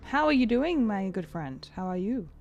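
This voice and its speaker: Lively, playful woman streamer. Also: mid-range voice, normal speed, gravelly, muffled recording. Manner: playful, laughs often, swears casually. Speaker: game streamer. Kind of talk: casual live-stream chat while gaming.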